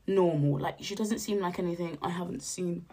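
Husky young woman, hoarse. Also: normal speed. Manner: animated, slangy, jumps to high exclaims when quoting. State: hoarse after a night out. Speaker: podcast host. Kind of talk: casual chatty storytelling.

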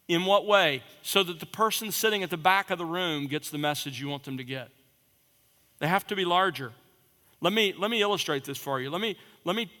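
A man teaching preachers about sermon delivery in an emphatic lecture style, stressing and repeating his key points. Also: sits high. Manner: emphatic, repeats key points, drops to a quiet conversational voice to demonstrate. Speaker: preaching instructor. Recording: long reverb in a large hall.

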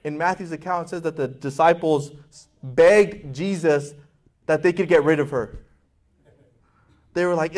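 A man's voice: on the high side, a little slow, long pauses, a little mellow. A male pastor preaching a sermon with passion, acting out voices in quotes and asking his congregation questions.

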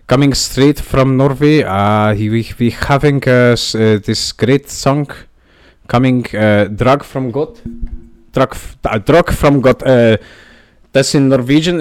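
A man's voice: lowish voice, voice pushed down, natural voice. A man doing a clumsy fake Norwegian accent. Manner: halting, filler-heavy, bumbling mock accent. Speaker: podcast host doing outro.

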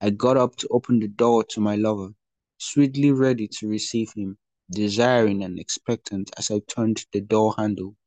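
A man reading the part of a longing young woman lover in a slow, earnest scripture reading. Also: lowish voice, steady tone, darkish tone, no room sound, natural voice.

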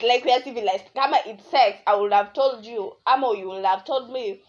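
Young Kenyan woman, podcast host, rambling storyteller, fairly high voice, dull lo-fi sound. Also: normal speed, few pauses. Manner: rambling, animated, switching between English and Swahili slang. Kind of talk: casual solo podcast storytelling. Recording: dull lo-fi audio.

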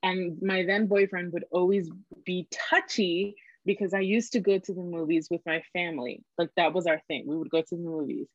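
Lower-voiced young woman, lively storyteller. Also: normal speed, hardly any pauses, dry recording. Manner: animated, acts out dialogue, many fillers. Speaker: guest. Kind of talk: casual storytelling chat. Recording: dull lo-fi dry recording.

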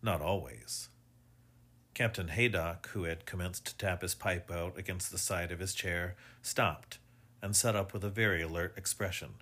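A man reading a mystery story aloud in measured, scripted narration. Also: deep voice, fairly even intonation, bright, forceful tone.

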